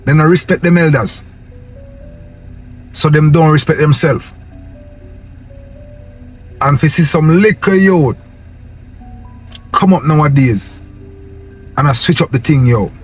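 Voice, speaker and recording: Taking it slowly with long pauses, a young Jamaican vlogger with a Patois accent rants to the camera in a voice that's a little high. He's fervent and preachy, repeating "yo" and "man," while faint music runs in the background.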